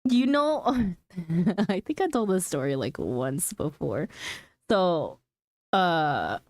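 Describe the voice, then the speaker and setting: Reading through chat, a woman streamer keeps things casual with her viewers, laughing frequently and saying "like" a lot. She talks slowly in a lowish, sing-song voice with a darkish tone.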